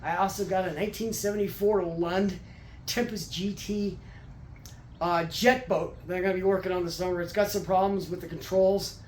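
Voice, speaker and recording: A man hosting a casual workshop vlog in his home garage, talking in a rambling, halting way with many restarts, a little out of breath. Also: high-pitched, fairly even intonation, roomy sound, slight background noise. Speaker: garage channel host.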